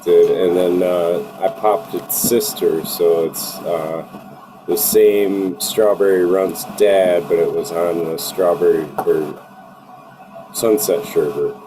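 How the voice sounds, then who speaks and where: A man's voice: low-pitched, steady tone, slow, background noise. A man telling offhand stories in a casual group chat. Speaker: home grower guest.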